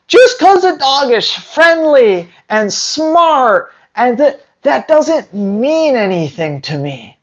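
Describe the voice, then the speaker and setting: A man's voice: very high-pitched, big pitch swings, a little slow, dull audio. Sarcastic man ranting to camera. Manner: sarcastic, emphatic, rambling. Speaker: dog trainer. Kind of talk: casual opinion rant to camera.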